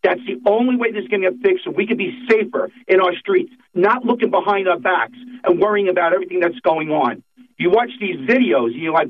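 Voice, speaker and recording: A man's voice: high voice, quick pace. A middle-aged man, a political guest on a talk show, speaking in a fired-up, emphatic, repetitive way. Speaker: state senator guest. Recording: tinny phone line.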